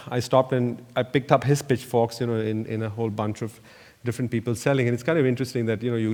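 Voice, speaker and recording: A man, an architect giving a slide lecture, telling loose anecdotes full of "you know" fillers. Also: mid-range voice. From India. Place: lecture hall. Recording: echoey lecture hall reverb.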